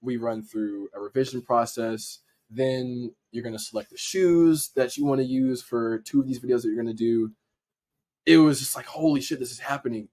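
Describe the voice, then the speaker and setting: A man, a podcast guest, telling a story in casual slang and acting out his own excited reactions. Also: medium pitch. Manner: animated, acts out his own reactions in quotes; casual slang, frequent "like" fillers. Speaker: podcast guest, dancer and video editor.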